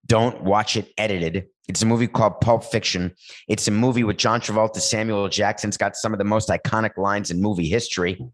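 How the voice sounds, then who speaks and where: A man hosting a talk show, riffing playfully and rambling, with sudden jumps in pitch. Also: fairly even intonation, brisk. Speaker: show host. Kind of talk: comedic talk-show monologue with ad read.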